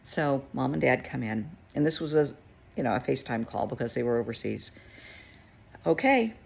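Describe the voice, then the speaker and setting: A woman therapist telling a client story in a casual, conversational way, with gentle emphasis. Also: extremely low pitch, brisk, gravelly, slightly rough.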